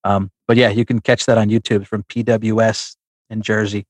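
A man's voice: lowish voice, level tone, normal speed, dry recording. A man co-hosting a casual podcast, telling a long story with many restarts and fillers. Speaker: podcast co-host. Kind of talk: casual chat about wrestling figures.

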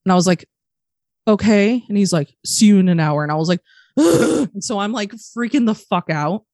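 Low-voiced woman telling a wild story. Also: quick pace, dry recording, studio quality. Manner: profane, animated, acts out quoted voices. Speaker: podcast guest. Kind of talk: candid storytelling interview.

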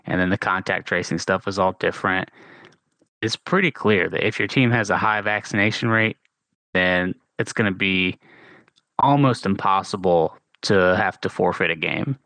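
A man with a lowish voice, recorded dry and close. He argues sports points in casual talk, pushing into emphatic bursts. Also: moderate pace, bright, forceful tone, dry recording. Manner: argumentative, rising to emphatic. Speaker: podcast co-host.

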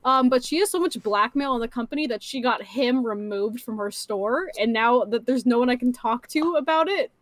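A woman's voice: on the high side, normal speed, few pauses, no room sound. A young woman co-hosting a podcast, telling a story in a rambling way with lots of "like" and restarts. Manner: rambling storytelling, frequent "like" and restarts, acts out quotes. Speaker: podcast co-host. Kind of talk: casual chat.

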